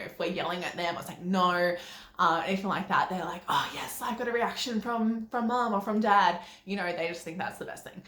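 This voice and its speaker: A woman's voice: on the low side, fairly bright tone. A young woman, giving casual parenting advice to camera, chatty, with frequent ums and little laughs. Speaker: parenting vlogger. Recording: echoey room.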